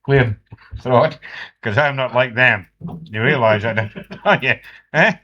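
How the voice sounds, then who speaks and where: Scottish man, bright voice, rambling joky talk, muffled lo-fi home cassette. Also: mid-range voice, slow pace, a little hiss or hum. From Scotland. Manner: rambling, joking, self-mocking. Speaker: cassette letter writer. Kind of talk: chatty spoken letter to family. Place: home living room with friends.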